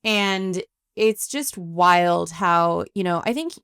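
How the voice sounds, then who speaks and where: A woman's voice: on the low side, lively intonation, takes it slowly, fairly bright tone, clear, resonant tone, no room sound, studio quality. A woman hosting a podcast, reacting enthusiastically to her guest. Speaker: podcast host. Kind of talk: interview chat.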